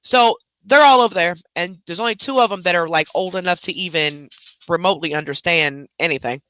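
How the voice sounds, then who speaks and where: A woman host telling a family story in a casual, animated chat, swearing freely as she goes. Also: fairly low pitch, a little fast.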